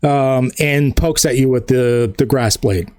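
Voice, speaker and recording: A man's voice: medium pitch, measured pace, a little mellow, clean tone, dry recording, studio quality. A man running an online tabletop game as game master. He explains the rules patiently and thinks aloud.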